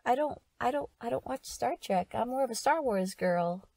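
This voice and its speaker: A woman's voice: fairly high pitch, expressive, normal speed, gravelly, a little mellow, no echo. A woman hosting a casual podcast, explaining with frequent laughs. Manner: explaining, giggly. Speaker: podcast host. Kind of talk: casual chat.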